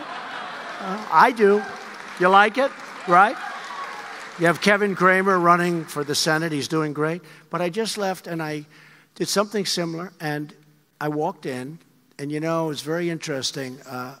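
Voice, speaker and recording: With a fairly high pitch and a sharp tone, a seventy-something man rambles emphatically through a rally speech, repeating himself to an audience. The large hall adds long reverb, and a faint crowd can be heard.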